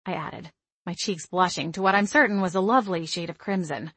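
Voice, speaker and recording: A woman reading a first-person audiobook with wry, expressive delivery. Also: fairly low pitch, moderate pace, husky, no room sound. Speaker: audiobook narrator.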